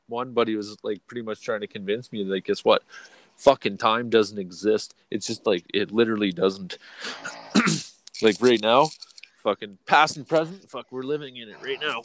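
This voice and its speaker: A man's voice: mid-range voice, a bit bright. A man in his thirties co-hosting a podcast, chatting casually with heavy swearing and frequent laughs. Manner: profane, rambling, laughs often. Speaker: podcast co-host. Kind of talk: casual chat.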